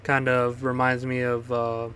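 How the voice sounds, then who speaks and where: A man's voice: mid-range voice, completely flat delivery, measured pace, a bit bright, slight background noise. A man co-hosting a music podcast, rambling casually with loose swearing and many fillers. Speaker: podcast co-host. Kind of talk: casual chat.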